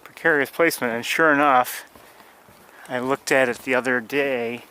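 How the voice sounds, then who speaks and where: A man's voice: mid-range voice, steady tone, moderate pace, sharp tone, clear, resonant tone, low-quality recording. Man narrating a rainy outdoor walk. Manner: rambling, many fillers and restarts. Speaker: birding tour guide. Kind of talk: casual walking narration. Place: outdoors on wet trails, light rain.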